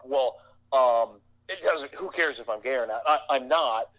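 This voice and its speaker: A man being interviewed, telling stories in a rambling way with many fillers and restarts. He has a lingering cough and drops into animated impressions of gruff talk. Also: medium pitch, measured pace, low-quality recording. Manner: animated, mimicking his father's gruff talk. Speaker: interview guest. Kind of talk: casual interview storytelling.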